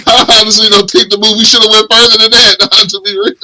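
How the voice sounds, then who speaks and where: High, really bright-sounding guy chatting slangy on a podcast, faint hiss behind. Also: little pitch movement, fast, poor audio. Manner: laid-back, slangy, laughing. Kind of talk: casual chat.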